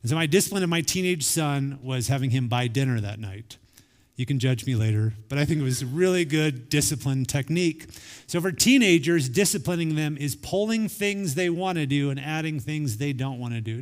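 Male pastor in his forties, slightly higher voice, conversational sermon, long hall reverb. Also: fairly quick. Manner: conversational preaching with acted quotes.

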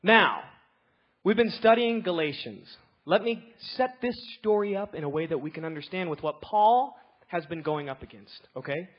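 Woman preacher, husky voice, animated storyteller who drops low then shouts, lo-fi sound. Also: normal speed. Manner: animated, swings from quiet to shouting. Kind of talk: storytelling sermon. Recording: slightly dull lo-fi recording.

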